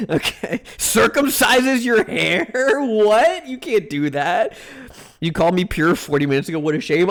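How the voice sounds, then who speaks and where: A young man streaming live and talking to his chat in a loose, rambling way, often breaking into giggles and stammering over repeated words. His voice sits fairly high for a man and swings widely up and down in pitch. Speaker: livestreamer. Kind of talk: casual livestream chat with viewers.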